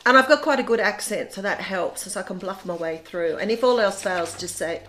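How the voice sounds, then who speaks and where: A middle-aged Australian woman in casual chat, talking in a lively, chatty way and often restarting her sentences. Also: medium pitch, fairly quick, slight background noise. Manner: chatty, repeats words when restarting. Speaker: guest, bed and breakfast owner.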